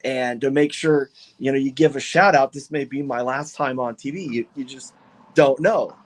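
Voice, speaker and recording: A man who owns and drives a funny car, telling stories in an excited, rambling way with lots of restarts on a podcast. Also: mid-range voice, moderate pace, a little hiss or hum. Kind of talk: podcast interview, casual storytelling.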